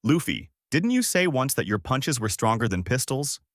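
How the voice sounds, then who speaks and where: A man voicing a calm, cool pirate captain who teases and lectures coolly in a fan story reading. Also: mid-range voice, normal speed, dry recording, studio quality, natural voice. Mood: calm teasing. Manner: calm, dryly teasing.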